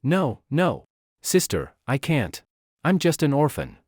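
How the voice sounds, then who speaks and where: Panicky flustered young guy, stammering protests, jumpy pitch, narrator doing him. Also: huge pitch swings, slow, a little mellow, slightly rough, dry recording, studio quality, heavily acted.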